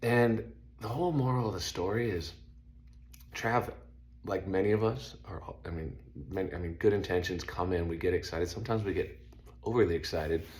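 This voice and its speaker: Deep-voiced man telling a story casually. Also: normal speed. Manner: animated, makes loud sound effects while telling; laid-back, uses slang like stoked and dope. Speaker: vlog host telling a story.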